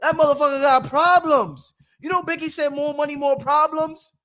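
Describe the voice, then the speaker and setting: High pitched guy going live from home, preachy and animated, laughs a lot. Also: moderate pace. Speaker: livestream host. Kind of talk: casual livestream monologue.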